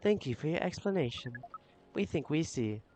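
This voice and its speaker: A man voicing a calm alien from a hive mind, who talks in a formal, precise way and calls itself "we" while he reads a visual-novel game aloud. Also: fairly high pitch, normal speed, soft background music, close to an everyday voice. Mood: earnest.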